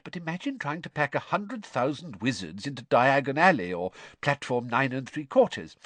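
A man's voice: medium pitch, a bit bright, breathy edge, no room sound, voice pushed up. A man voicing a weary, kindly middle-aged father patiently explaining things.

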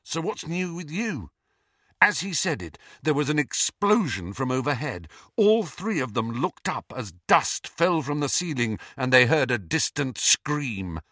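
A man narrates a novel with an animated, expressive reading, his pitch moving freely through each sentence. His tone is bright and forceful. The recording is dry and close, with no room sound. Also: a little slow, few pauses, dry recording. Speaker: audiobook narrator. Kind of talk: scripted narration.

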